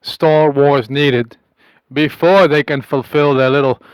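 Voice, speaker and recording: A man delivering a rambling, halting comic audio message in a put-on accent, with a conspiratorial, self-amused manner. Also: fairly high pitch, fairly even intonation, smooth, no echo, low-quality recording. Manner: putting on an unplaced accent. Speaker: comic monologuist.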